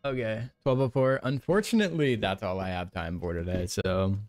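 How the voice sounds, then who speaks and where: A man streaming a game, giving soft-spoken ASMR commentary with gentle self-talk and the odd casual swear. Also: fairly low pitch, moderate pace, slight background noise.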